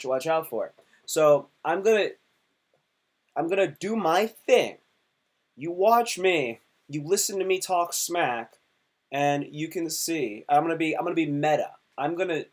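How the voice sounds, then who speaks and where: A young adult man, a comedian, talking casually and animatedly on a livestream with lots of restarts. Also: fairly high pitch. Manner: chatty, animated, rambling with restarts. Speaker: comedian and live streamer.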